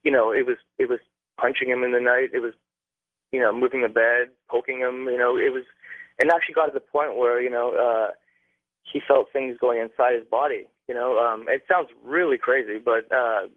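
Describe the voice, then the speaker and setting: A man's voice: medium pitch, steady tone, fairly quick, no echo. A young man from Canada, a radio caller, telling a long story with many fillers and restarts. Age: young adult. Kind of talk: phone-in storytelling. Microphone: phone. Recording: tinny dry phone line.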